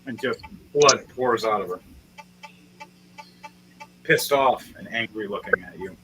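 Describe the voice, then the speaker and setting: A man's voice: fairly low pitch, unhurried, rough recording. Profane man running a tabletop game. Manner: casual and profane, vivid gory narration. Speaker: game master. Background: background music.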